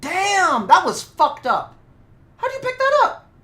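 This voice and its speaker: A woman from Nevada chatting casually on a stream while drawing, rambling and swearing in quick asides. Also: extremely high pitch, wildly swooping pitch, sharp tone.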